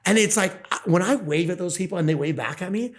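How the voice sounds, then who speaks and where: A man's voice: sits high, quick pace. A man hosting a podcast, chatting casually and earnestly, telling stories and acting out the people in them. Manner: earnest, animated storyteller acting out quoted voices. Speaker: podcast host. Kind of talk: casual conversation, storytelling.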